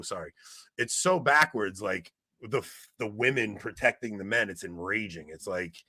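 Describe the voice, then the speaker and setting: A man in casual podcast chat, telling stories in an animated way and getting loud when he retells a fight. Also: mid-range voice, no echo. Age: 20s. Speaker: podcast co-host.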